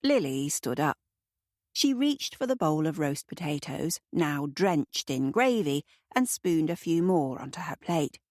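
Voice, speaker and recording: A woman narrating an audiobook in a steady, even storytelling manner, close to the mic. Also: low voice, measured pace, no room sound. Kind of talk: scripted narration.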